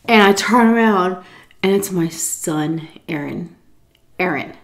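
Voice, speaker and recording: Animated profane woman telling a story. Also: takes it slowly, echoey room. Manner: animated, profane, acts out quotes in a high voice. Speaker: YouTube storyteller. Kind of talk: casual storytime while eating. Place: home, indoors.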